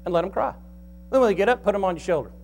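A man preaching a sermon in a folksy, animated way, swinging between soft asides and loud emphasis. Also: high voice, very fast, slight background noise. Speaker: pastor.

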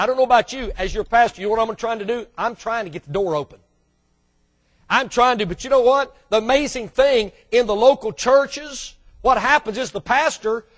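A man preaching a sermon as the church's pastor, swinging from loud bursts to hushed asides and calling out to the congregation. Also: very high-pitched. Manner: calls out to the congregation for response.

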